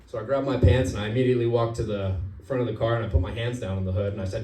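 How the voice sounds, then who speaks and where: A young man telling a stand-up story at an open mic, in a halting deadpan delivery full of "uh" pauses, on a comedy club stage. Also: medium pitch. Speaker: stand-up comic. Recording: roomy club sound from far off.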